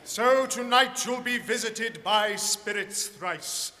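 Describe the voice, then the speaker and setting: A man's voice: high voice, heavily acted. A man playing a stern scolding ghost. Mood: declaiming. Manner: slow, declaiming, scolding. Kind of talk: live comic verse performance. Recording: distant voice in a reverberant church, loud music and crowd.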